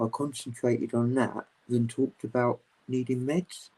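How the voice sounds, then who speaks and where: Rambling, animated man on a video call. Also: mid-range voice, unhurried, low-quality recording. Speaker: guest on a livestream. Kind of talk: casual chat.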